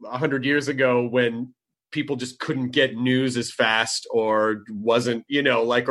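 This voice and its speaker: A man's voice: medium pitch, a bit bright. A man in casual conversation, rambling with many fillers and restarts. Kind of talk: casual chat.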